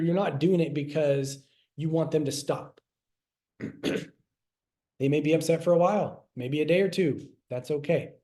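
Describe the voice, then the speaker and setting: A man's voice: on the high side, mellow. A middle-aged man giving a casual class, talking conversationally, repeating himself and acting out little quoted lines. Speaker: health class presenter. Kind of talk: casual teaching talk.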